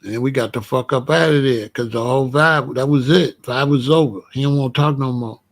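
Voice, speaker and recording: A man, hosting a casual monologue and telling street stories in blunt, profane language. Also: fairly quick. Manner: drops to low, quiet tones when recounting danger. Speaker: commentary channel host.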